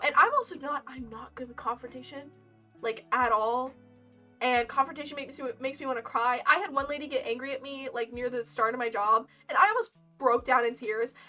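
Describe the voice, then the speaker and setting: A young woman streamer chatting casually in a storytime while crocheting, animated and laughing as she retells things. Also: sits high. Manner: animated, laughing, dramatic voice swings when retelling. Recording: faint lo-fi music behind, slightly distant mic. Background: lo-fi game music.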